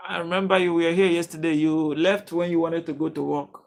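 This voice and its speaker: A man's voice: on the high side, flat delivery, fairly quick, creaky. A Nigerian man hosting a casual live chat stream, greeting viewers by name and chatting loosely as he reads the chat. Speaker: livestream host.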